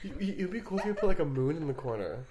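A man's voice: fairly high pitch, very animated, racing, crowd noise. A young man co-hosting a podcast in casual chat, laughing often, swearing and rambling through stories. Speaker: podcast co-host.

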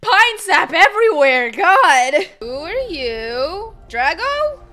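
A young woman chatting casually and excitedly as she reacts to a film, slangy and quick to gasp. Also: very high-pitched. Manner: excitable, chatty, slangy, gasps and laughs often. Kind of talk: casual movie reaction commentary.

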